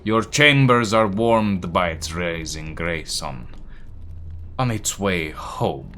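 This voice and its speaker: A man's voice: deep voice, expressive, takes it slowly, bright, forceful tone, slight background noise, heavily acted. A man voicing an elderly, guarded grandfather who heads his family, speaking in a formal, old-fashioned way with a put-on accent.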